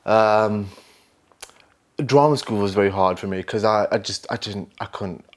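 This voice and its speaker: A young man with a Lancashire accent talks through his memories in an unscripted interview. His voice sits very low. He rambles, mocks himself and slips into other people's voices as he tells his stories. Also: steady tone, a little slow. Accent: Northern English, Lancashire. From England, Burnley. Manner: rambling, self-mocking storyteller with laughs and mimicry. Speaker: actor interviewee.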